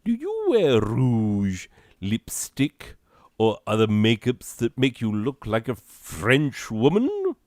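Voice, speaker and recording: A man's voice: mid-range voice, wildly swooping pitch, slow pace, darkish tone, no echo, clean studio sound. A man voicing a snooty, prudish old-fashioned lady who lectures about proper manners in a haughty, affected accent. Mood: prim lecturing. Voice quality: haughty, affected upper-class lilt. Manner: scolding and prudish, lecturing the listener. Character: snooty prim old-fashioned lady giving etiquette tips.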